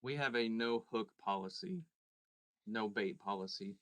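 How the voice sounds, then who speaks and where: A man plays a tabletop role-playing game in a somewhat low voice. He talks plainly and dryly. His delivery stays matter-of-fact. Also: measured pace, a bit bright. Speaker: player. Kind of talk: casual tabletop play.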